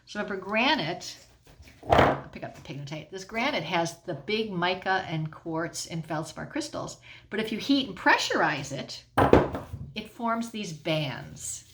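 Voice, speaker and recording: A woman's voice: fairly low pitch, expressive, a little slow, heavy background noise. A middle-aged woman teacher explaining a science lesson at home in a patient way, often checking in with the class.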